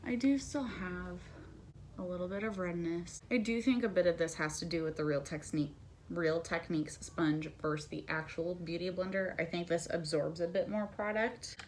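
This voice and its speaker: Young woman chatting casually through a makeup tutorial at home, lowish voice, a little background hum. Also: steady tone, moderate pace. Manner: chatty, candid and conversational. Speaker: beauty vlogger.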